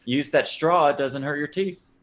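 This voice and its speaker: A man's voice: a little high, normal speed. A man from the United States co-hosting a poker stream, wry and self-deprecating, reading chat comments aloud. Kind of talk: casual banter commentary.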